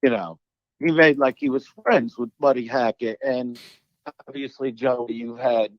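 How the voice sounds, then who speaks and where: A man, a comedian telling profane, animated stories as an interview guest. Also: mid-range voice, measured pace, no echo, highs cut off. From Brooklyn, New York. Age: 60s. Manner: animated, profane, acts out quoted dialogue. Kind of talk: storytelling in an interview.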